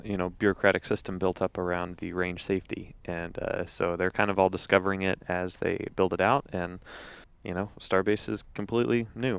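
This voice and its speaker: A man with a gravelly, fairly low voice co-hosts a stream, joking and hedging in casual chat. The sound is dry and close. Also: no room sound. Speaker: co-host.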